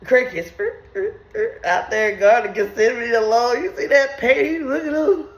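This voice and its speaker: Speaking a little slowly in a fairly high voice, a woman hosts a video of profane, joking Bible commentary, laughing through many of her words as she riffs on scripture. The audio carries a roomy echo.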